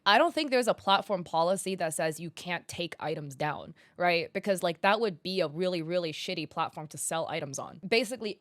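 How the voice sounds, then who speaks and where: Animated, sarcastic woman commentator, dry sound. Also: on the low side, dry recording. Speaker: commentary YouTuber. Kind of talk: casual commentary reading messages aloud.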